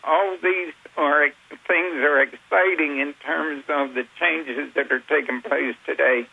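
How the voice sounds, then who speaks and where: A male radio guest calling in by phone, speaking slowly and haltingly with many fillers. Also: fairly high pitch, steady tone, gravelly, slightly rough, dry recording. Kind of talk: talk radio interview. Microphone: telephone. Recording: tinny phone line.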